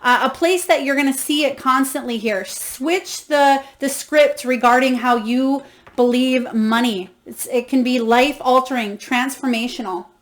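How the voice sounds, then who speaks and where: A woman's voice: sits high, a little slow. A woman giving a tarot card reading to viewers, effusive and encouraging, reading guidebook passages aloud and exclaiming with emotion. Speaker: tarot reader.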